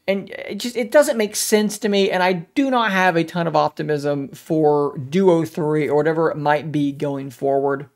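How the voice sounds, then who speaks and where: Opinionated man hosting a tech vlog. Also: high-pitched. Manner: opinionated, conversational, talks straight to viewers. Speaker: tech channel host.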